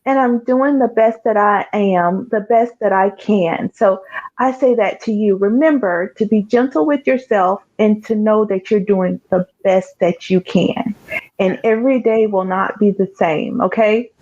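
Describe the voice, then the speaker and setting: A woman's voice: mid-range voice, measured pace, a little mellow, dull audio. A woman giving a heartfelt, tearful and encouraging talk as a guest speaker over a video call. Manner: emotional, tearful, encouraging, laughs often. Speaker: guest speaker, creative coach.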